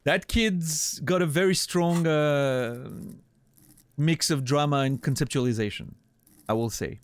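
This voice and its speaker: A man streaming a game, chatting casually with a deadpan sense of humor and thinking out loud. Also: fairly high pitch, a little slow, clean tone, no room sound. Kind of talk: casual gameplay commentary.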